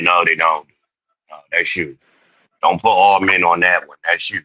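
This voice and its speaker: A man's voice: sits low, normal speed, pushed and bright, no echo, highs cut off. A man hosting a podcast, talking loosely with swearing and frequent laughs. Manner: loose, profane, laughs often. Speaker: podcast host. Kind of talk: casual chat.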